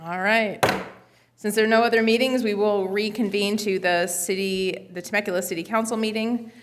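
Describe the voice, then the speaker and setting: A woman's voice: mid-range voice, steady tone, moderate pace, noisy background. A woman mayor chairing a city council meeting in a casual, procedural way. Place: council chamber.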